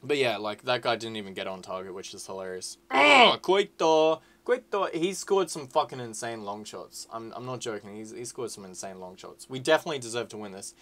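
A young man giving casual, excitable, sweary commentary over a football management game. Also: lowish voice, brisk, few pauses. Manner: excitable, sweary, shouts at the screen. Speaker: gaming YouTuber.

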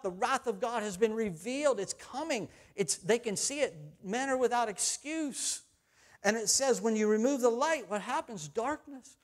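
A middle-aged male pastor whose voice sits high for a man, preaching in a church. He slips easily from scripture into chatty personal anecdotes, animated and conversational. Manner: chatty storytelling, animated swings in loudness. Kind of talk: sermon with personal stories. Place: church sanctuary.

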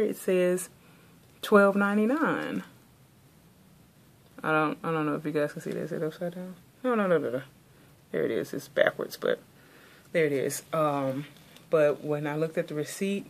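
A woman's voice: low-pitched, expressive, normal speed, vocal fry, long pauses. Chatty young woman rambling through a vlog. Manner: rambling, chatty, many "like" fillers. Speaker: vlogger. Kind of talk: casual haul vlog chat.

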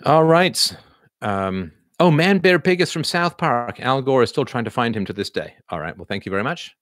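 A man's voice: mid-range voice, animated, moderate pace, a bit bright, dry recording, clean studio sound. A man hosting a casual livestream, answering viewer questions while thinking aloud with many fillers.

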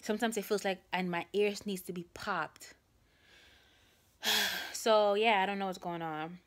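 A woman's voice: mid-range voice, steady tone, a little slow, fairly bright tone. Young woman vlogging, sore jaw, rambly story, keeps saying guys. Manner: chatty, rambling, addresses viewers as guys. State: sore jaw, trouble opening mouth. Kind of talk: casual storytelling to camera.

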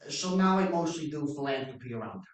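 A man's voice: on the high side, animated, brisk, voice pushed up, lightly acted. A man playing a wealthy mobster-style philanthropist in a general New York-area accent, testifying in a mock trial, recorded from far off in an echoey room. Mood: smooth. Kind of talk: mock trial witness acting.

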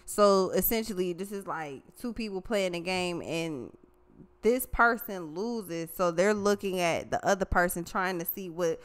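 Woman tarot reader, fairly low voice, foul-mouthed, slangy, lively casual delivery. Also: unhurried. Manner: profane, slangy and animated.

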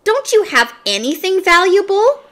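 A woman reading a storybook aloud, voicing a pair of clueless masked robbers who loudly demand money. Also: high-pitched, sing-song, takes it slowly, exaggerated voice. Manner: demanding, baffled.

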